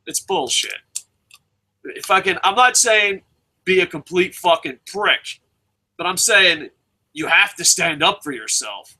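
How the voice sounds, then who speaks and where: Casting: brash man, bright tense voice, profane heated rant, fairly high pitch. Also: expressive, slow, pauses often. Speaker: wrestling news show co-host. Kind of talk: profane ranting chat.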